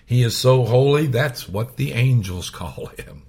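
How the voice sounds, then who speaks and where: A man preaching a sermon, swinging from loud raised passages to hushed whispers. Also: medium pitch, expressive, unhurried, few pauses, husky.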